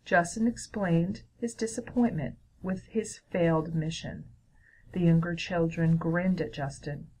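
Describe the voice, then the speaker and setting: A woman's voice: lowish voice, fairly even intonation, measured pace, warm tone, husky, poor audio. Woman reading a children's story aloud.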